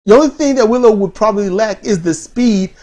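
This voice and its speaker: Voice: mid-range voice, a little fast, warm tone. A podcast co-host in casual wrestling commentary chat, telling stories with laughter and mimicking others.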